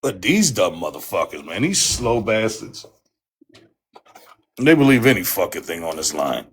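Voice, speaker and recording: A man's voice: deep voice, very animated, unhurried, husky. Angry profane man ranting on a livestream. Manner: heated, profane, repetitive. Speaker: livestream host.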